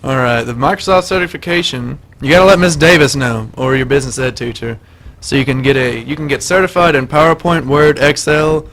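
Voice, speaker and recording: A man's voice: mid-range voice, a little fast, a bit bright. A young man with a mixed Southern US accent co-hosting a school radio show, joking and telling puns. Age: teens to young adult. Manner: joking, pun-telling, laughs often. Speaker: student co-host. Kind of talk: casual school radio chat.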